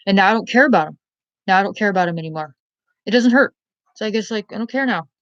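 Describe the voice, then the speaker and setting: A woman vlogger rambles to her camera in a blunt, profane rant, often checking in with "you know what I mean?" Her voice sits at a middling pitch. The recording is dry, with a slightly muffled, lo-fi sound. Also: animated, racing, no echo.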